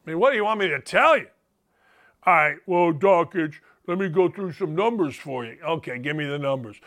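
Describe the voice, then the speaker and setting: A man's voice: expressive, normal speed, fairly bright tone. A man hosting a sports talk show, delivering an opinionated, argumentative monologue and mocking his critics. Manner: emphatic, argumentative, mock-quotes critics in a higher voice. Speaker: sports radio host.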